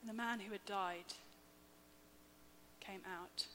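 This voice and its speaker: Woman preaching slowly in a big echoing hall. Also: medium pitch, steady tone. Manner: slow, measured and emphatic, with soft dips. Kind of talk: sermon. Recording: long hall reverb, faint hum.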